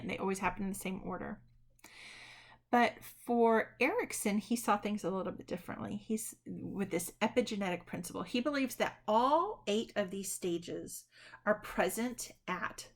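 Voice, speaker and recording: Gravelly-voiced woman lecturing casually. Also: mid-range voice, normal speed. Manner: conversational, self-correcting, says "right?" often. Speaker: college psychology instructor. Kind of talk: recorded online lecture.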